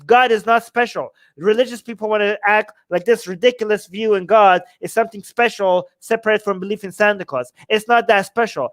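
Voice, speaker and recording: High-voiced man ranting on a livestream. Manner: animated, rambling, swears freely; heavy use of rhetorical questions. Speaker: livestream host. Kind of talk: casual livestream commentary.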